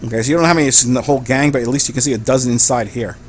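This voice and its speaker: A man's voice: medium pitch, slight background noise. A man narrating as game master of a tabletop game, describing scenes with frequent restarts. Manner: rambling, halting description with restarts.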